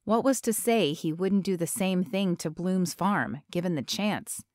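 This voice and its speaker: A woman narrating an audiobook in an even, measured storytelling voice. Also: fairly low pitch, no room sound, clean studio sound.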